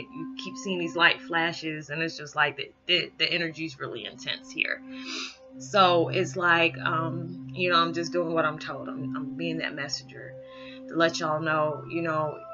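A woman giving a heartfelt spiritual message, close to tears, speaking haltingly and filling pauses with "you know". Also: deep voice. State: holding back tears. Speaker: spiritual reader. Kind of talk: emotional spiritual message vlog. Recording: dull lo-fi sound with music behind. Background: background music.

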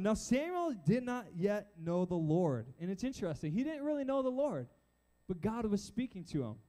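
A man preaching a casual sermon to a youth crowd in a church with a balcony, animated and chatty as he acts out Bible figures. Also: high-pitched, normal speed. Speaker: youth pastor.

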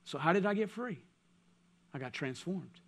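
A man preaching a sermon as pastor, swinging from loud passages to hushed ones. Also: on the high side, animated, moderate pace. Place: church.

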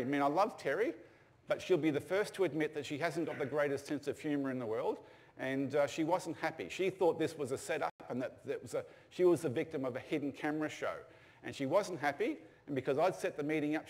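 A man's voice: on the high side, a little fast. An older man, telling stories casually with fillers and restarts. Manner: casual anecdotal storytelling with fillers. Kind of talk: storytelling talk.

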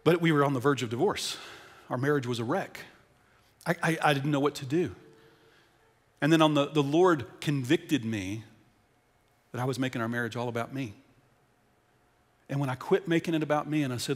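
American male pastor, middle-aged, storytelling sermon; loud peaks, hushed lows, reverberant church hall. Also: normal speed, long pauses. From United States. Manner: storytelling, shifts between loud emphasis and quiet intensity. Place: large church auditorium.

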